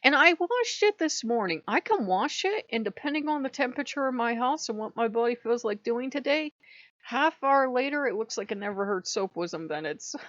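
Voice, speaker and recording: A woman hosting her own channel, talking in a casual, profane and animated vlog monologue with frequent laughs. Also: a little high, brisk, dry recording, muffled recording. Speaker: channel host.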